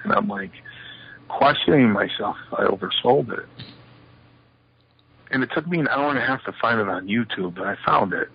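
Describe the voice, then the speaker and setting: An older man with a lower pitch and a husky, breathy edge speaks at normal speed as an interview guest, spinning stories about his past in a shoot interview. He animatedly acts out the lines of the people involved, and the lo-fi recording is slightly muffled.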